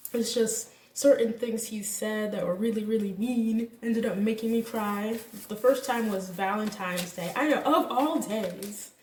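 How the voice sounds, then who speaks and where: A young woman vlogger casually telling a personal story, candid and animated, acting out what people said. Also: fairly high pitch, recorded from a distance, a little hiss or hum. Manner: candid, animated retelling with quoted voices and laughs. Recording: echoey room, voice a bit off-mic.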